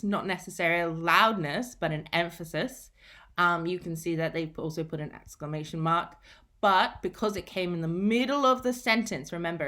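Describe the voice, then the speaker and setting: Woman teacher walking through a story line by line, patient, a bit low-pitched. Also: fairly bright tone. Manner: patient, explanatory, repeats key points. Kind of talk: recorded lesson on reading a novel.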